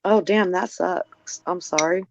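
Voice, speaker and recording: A woman's voice: on the low side, unhurried, gravelly, background noise. A woman chatting on a video call in a friendly, sympathetic way. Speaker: caller on a livestream. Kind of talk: casual video-call chat. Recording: dry lo-fi video-call audio.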